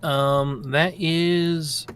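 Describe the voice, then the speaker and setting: A man's voice: on the high side, very slow, a little hiss or hum. A man playing a tabletop game, joking and teasing in casual chat. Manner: playful, jokey and teasing. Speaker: player.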